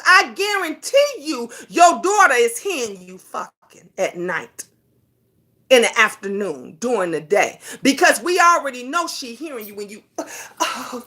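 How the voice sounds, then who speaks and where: A woman, in the middle of a heated, profane talk show rant. Her voice sits high and bright and swings widely in pitch, and she fires off rhetorical questions with heavy emphasis. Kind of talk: heated ranting monologue.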